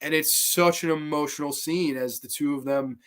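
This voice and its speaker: A man's voice: a little high, steady tone, moderate pace, clear, resonant tone. A man hosting a movie channel, talking casually and heartfelt about a film, rambling with restarts and the odd swear word. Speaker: movie review channel host. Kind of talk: casual spoken movie commentary.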